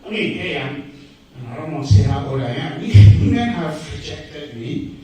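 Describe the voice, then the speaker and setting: A man's voice: a little high, big pitch swings, measured pace, mellow, heavy reverb, recorded from a distance, poor audio. A middle-aged man from Nigeria with a Nigerian accent gives an emphatic motivational talk full of rhetorical questions and stories. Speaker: speaker.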